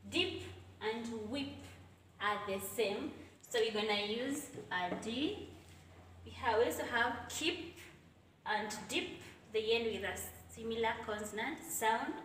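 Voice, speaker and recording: A woman's voice: a little high, slow, fairly bright tone, distant mic, slight background noise. A woman teaching English literature at a board, explaining step by step and correcting herself as she goes. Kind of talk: classroom lesson at a board. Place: room with a board. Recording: very echoey room, away from the mic.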